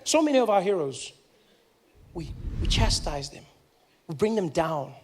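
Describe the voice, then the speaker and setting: A man with a South African accent performing stand-up comedy, telling an animated story and acting out the other people in it. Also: high voice, a little slow, a little hiss or hum.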